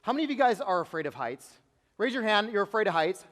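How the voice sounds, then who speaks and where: A man's voice: high-pitched, big pitch swings, quick pace, fairly bright tone. A young man preaching a youth sermon, telling a story animatedly and acting out what people said. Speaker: youth pastor. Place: large church auditorium. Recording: long reverb of a large hall.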